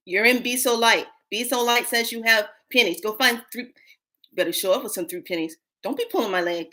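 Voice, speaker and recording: A woman's voice: a little high, a little fast. Playful laughing woman in her fifties. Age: 50s. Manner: playful, laughs often, animated. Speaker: spiritual livestream host. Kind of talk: casual storytelling to a live audience.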